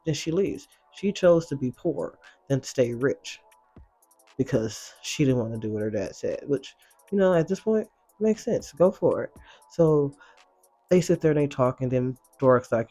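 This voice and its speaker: A man hosting a casual reaction recap, talking in a slangy, expressive way and swearing freely. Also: mid-range voice, moderate pace, faint music behind. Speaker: reaction video host.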